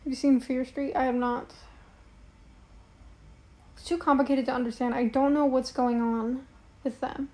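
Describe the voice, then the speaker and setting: A woman's voice: high voice, flat delivery, moderate pace, pauses often, a little mellow. A young woman chatting casually on a livestream, reading and answering viewer comments in a rambling way with lots of fillers. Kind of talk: casual live-stream chat.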